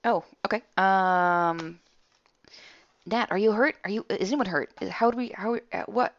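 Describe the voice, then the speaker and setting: A woman's voice: medium pitch, measured pace, highs cut off. A woman playing in a tabletop game, hesitant and fumbling, checking on her fellow players.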